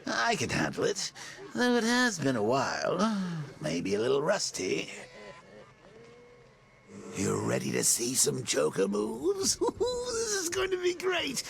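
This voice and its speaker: An actor playing a manic, taunting male clown villain with a gravelly voice in a video game. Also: high voice, wildly swooping pitch, measured pace, pauses often, crowd noise, full character voice. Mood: gleeful. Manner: taunting, theatrical, giggly.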